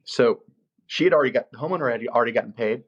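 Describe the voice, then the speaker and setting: A man's voice: mid-range voice, very fast, husky, muffled recording. A man, a film location manager, telling stories from work in a casual interview and acting out the people he quotes. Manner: animated storyteller, acts out quoted voices.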